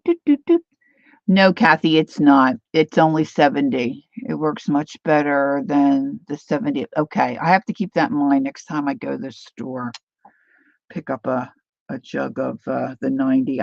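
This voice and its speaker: A woman's voice: very deep voice, gravelly, darkish tone, no echo, highs cut off. A woman hosting a casual live crafting demo, chatting as she thinks aloud and answers viewer comments. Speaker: craft livestream host.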